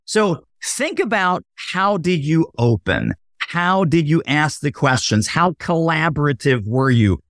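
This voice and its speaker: A man appearing as a guest on a podcast, explaining sales with animated energy and acting out sample dialogue. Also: fairly high pitch, a little slow, few pauses, no echo, studio quality. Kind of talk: podcast interview.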